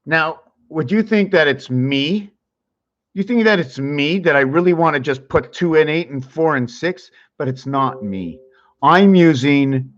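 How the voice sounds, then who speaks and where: A man hosting his own channel who explains things while drawing, thinking aloud in a wandering way and repeating words. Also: a little high. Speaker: channel host. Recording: dull lo-fi sound.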